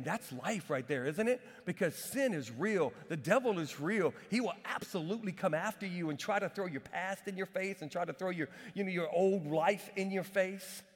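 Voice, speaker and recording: A man preaching a sermon as pastor, telling stories with lively repeats and asides to the congregation. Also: fairly high pitch. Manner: energetic storytelling with repetitions and asides. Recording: long hall reverb.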